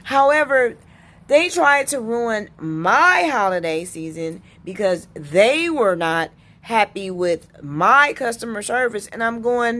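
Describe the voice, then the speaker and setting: A woman vlogger telling a personal story in an indignant, unhurried way, with pauses and restarts. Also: on the high side, lively intonation, bright, forceful tone.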